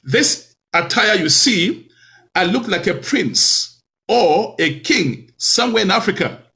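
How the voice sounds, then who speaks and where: A man hosting a talk show, speaking in a lively, preacherly way with many rhetorical questions. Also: high-pitched, slow pace, creaky. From Cameroon.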